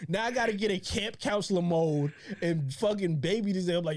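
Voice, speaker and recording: A man's voice: sits high, sing-song, a little slow. A man co-hosting a casual podcast, telling stories with lots of swearing and imitating his friends' voices. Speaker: podcast co-host. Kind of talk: casual chat, storytelling.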